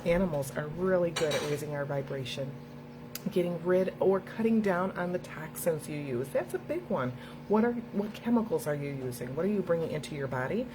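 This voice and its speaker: A woman's voice: low voice, expressive, fairly quick, background noise. A middle-aged woman hosting a casual motivational talk for viewers, speaking earnestly and encouragingly and laughing easily. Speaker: host.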